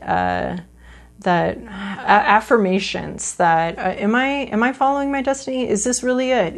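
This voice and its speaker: A woman's voice: medium pitch, gravelly. A woman giving a casual tarot reading, rambling with many fillers and restarts and playful asides. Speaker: tarot reader.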